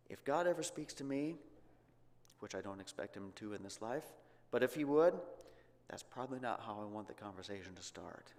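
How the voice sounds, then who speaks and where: A man's voice: mid-range voice, fairly quick, in a large hall. A man teaching a Bible lesson in a church, talking conversationally with frequent restarts and rhetorical questions.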